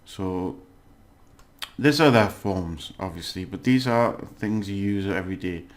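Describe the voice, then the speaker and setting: Low-voiced man teaching a casual lesson. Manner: patient, often checking in with "okay?" and pausing with "uh". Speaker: language teacher. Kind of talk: casual recorded lesson recap.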